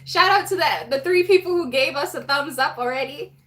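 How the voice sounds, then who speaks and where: A woman's voice: high-pitched, a little fast, bright, forceful tone. A woman hosting a casual livestream, chatting and laughing as she greets viewers by name. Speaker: livestream host. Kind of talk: casual live chat with viewers.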